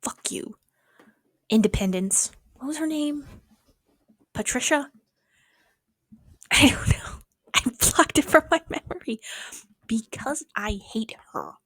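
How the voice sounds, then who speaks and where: Young woman, rapid rambling chat, sarcastic and sweary, dry close-mic sound. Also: high voice, lively intonation, fairly bright tone, no echo, in a whisper. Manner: fast-talking, swears freely, sarcastic asides. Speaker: vlogger. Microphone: close mic held near the mouth.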